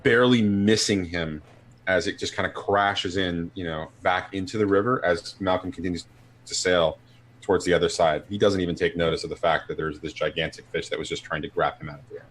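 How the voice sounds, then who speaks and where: A man running a tabletop game as game master, describing scenes in an unhurried, descriptive way. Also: low voice, steady tone, a bit bright, slight background noise.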